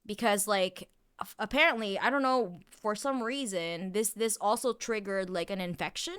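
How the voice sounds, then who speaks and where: Bright, smooth-voiced woman streamer. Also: medium pitch, normal speed. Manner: animated storytelling, heavy swearing, lots of "like" fillers. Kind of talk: casual chat.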